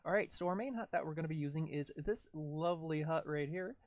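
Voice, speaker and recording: Man, relaxed livestream editor, rambling and jokey, gravelly edge, dry mic. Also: on the high side, brisk, no room sound. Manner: rambling, self-narrating, jokey. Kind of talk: casual live tutorial talk.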